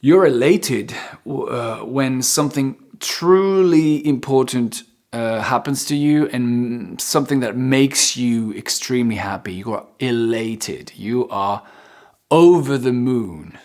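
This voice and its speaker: A man's voice: medium pitch, expressive, slow, darkish tone. A man teaching English vocabulary, repeating each new word for learners. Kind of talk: vocabulary lesson.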